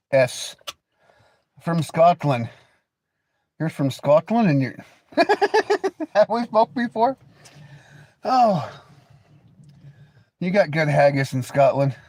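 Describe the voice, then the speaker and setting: Hosting a livestream, a man with an American accent trades casual, crude teasing banter while coughing. His voice is on the high side and a little mellow, and there's no room sound.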